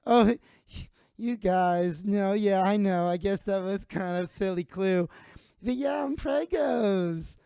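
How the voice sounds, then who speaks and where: A man playing an uptight, pregnant young woman at a bar, talking in a whiny, high, sing-song way. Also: takes it slowly, vocal fry, dark tone, clear, resonant tone, dry recording, exaggerated voice. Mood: chirpy smug.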